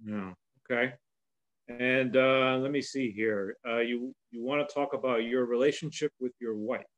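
Slow, hesitant man reading notes. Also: medium pitch, fairly even intonation, low-quality recording. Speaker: podiatrist playing therapist in a sketch. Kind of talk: comedy sketch dialogue.

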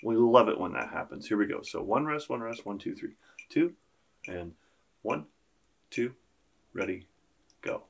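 A man's voice: on the low side, expressive, a little slow, creaky, pauses often, slight background noise. A man teaching a beginner percussion lesson, counting beats aloud and joking with his students. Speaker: school band teacher.

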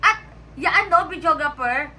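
Woman vlog commentator, high and very bright, chatty and teasing, faint ambience behind. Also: measured pace, slight background noise. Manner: animated, teasing, addresses viewers.

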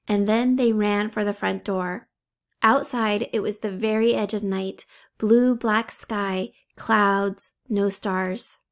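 A woman's voice: mid-range voice, gravelly. A woman reading a children's novel aloud as narrator, giving the characters' lines light, modest voicing. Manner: steady unhurried reading with lightly acted dialogue. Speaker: audiobook reader. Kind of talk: storybook narration.

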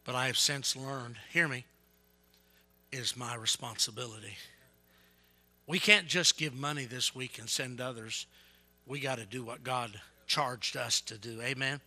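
A man evangelist preaching a sermon, telling stories with energy and yelling to get his point across. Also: medium pitch, a little slow. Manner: yells and gets fired up; animated storytelling.

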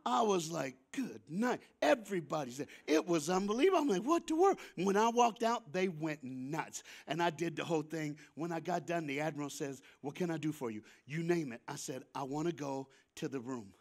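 Lively storytelling preacher man, higher-pitched. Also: fairly quick, creaky, few pauses. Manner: lively storyteller with sudden shifts between loud and soft, chuckling; casual slangy talk. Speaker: guest speaker at a church. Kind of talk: storytelling sermon with call-and-response. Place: church before a congregation.

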